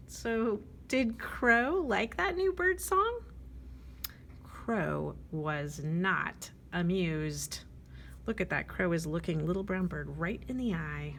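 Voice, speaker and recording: A woman librarian reading a picture book aloud at storytime, animated and asking the children questions. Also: mid-range voice, vocal fry, a little hiss or hum.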